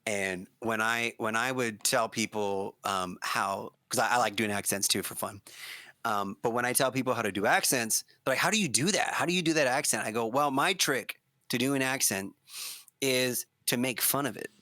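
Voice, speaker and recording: A man with a bright, forward voice talks a beginner through metal singing, stopping now and then to demonstrate growls and screams. His speech is casual, full of restarts and fillers. The sound is dry and close, with little room around it. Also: mid-range voice, normal speed, dry recording. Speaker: vocal coach. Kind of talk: casual teaching chat. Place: streaming setup, video call.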